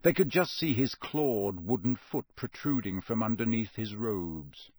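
An audiobook narrator reads a novel aloud from a script, telling the story in a measured, expressive way. His voice is mid-range, and the recording is dry.

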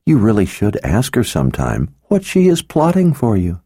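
A man voicing a sly, seductive woman in disguise who teases slowly and knowingly, in an audiobook. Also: fairly low pitch, huge pitch swings, mellow, breathy edge, no echo, clean studio sound, pitched above the performer's own voice, full character voice. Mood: sly teasing. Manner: teasing, knowing, unhurried.

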